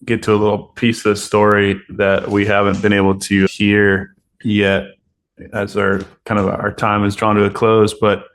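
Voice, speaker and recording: A man hosts a podcast interview in a somewhat low voice. He starts in a halting way, restarting his words before steering toward his next question. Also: monotone. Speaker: podcast host.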